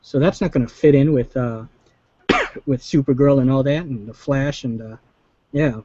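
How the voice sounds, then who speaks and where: A man's voice: medium pitch, moderate pace, darkish tone, slight background noise. A man chatting casually as host, rambling and acting out quotes in raised voices. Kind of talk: casual chat. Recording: dull lo-fi call audio.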